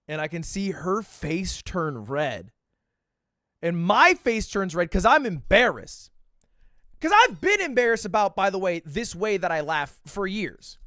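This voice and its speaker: Animated high-voiced male streamer. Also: dry recording, clean studio sound. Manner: animated, profane, self-deprecating. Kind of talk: casual storytelling on a livestream.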